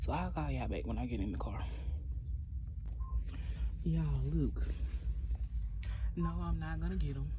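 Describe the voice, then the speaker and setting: A woman's voice: low voice, lively intonation, a little slow, long pauses. A woman in her thirties, an expecting first-time mom, chatting casually and rambling straight to her viewers in a vlog. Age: 30s. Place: out shopping and walking to her car, then in the car. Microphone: handheld phone. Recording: outdoor phone recording with traffic noise.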